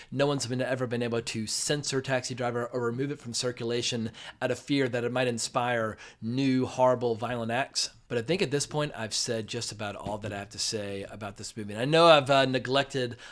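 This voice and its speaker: A man's voice: medium pitch, a bit bright. Sick male vlogger, stuffed-up nasal voice, conversational film reviewer musing aloud. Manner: thoughtful, conversational, some restarts while musing. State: sick with a head cold, congested. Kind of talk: casual spoken film review.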